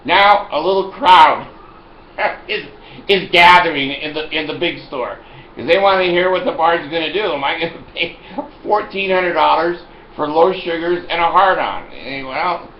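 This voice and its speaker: A man's voice: fairly high pitch, moderate pace, reverberant, lo-fi sound, slight background noise. Older man telling a rowdy story. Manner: animated, loud, laughs often, yells punchlines. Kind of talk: rambling comic storytelling.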